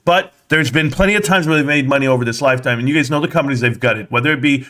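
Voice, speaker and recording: A man hosting a live stream from his home desk, talking in a casual, rambling way and speaking straight to his viewers with quick bursts of excitement. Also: medium pitch.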